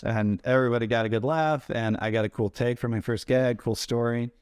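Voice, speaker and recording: A man tells his stunt stories with bounce and energy, jumping up in pitch when he acts out other people's lines. His voice sits in an ordinary middle register. The sound is close and dry, with no room around it. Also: fairly quick, smooth, dry recording. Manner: animated anecdotes, acts out quoted voices. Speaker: stuntman guest. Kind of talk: casual storytelling interview.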